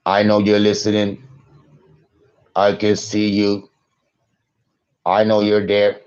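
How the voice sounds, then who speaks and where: A man's voice: on the low side, monotone, slow, darkish tone, clean tone, muffled recording. A man in his thirties rambling through a live-stream monologue, repeating himself and swearing for emphasis. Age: 30s. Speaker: conspiracy vlogger.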